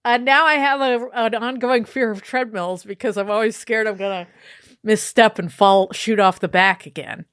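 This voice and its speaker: A woman's voice: fairly high pitch, normal speed, smooth, no echo. A woman co-hosting a podcast, chatting casually and telling a spooky story with acted-out voices and frequent laughter. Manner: animated, laughs often, acts out voices in stories. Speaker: podcast co-host. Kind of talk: casual chat, dramatic storytelling.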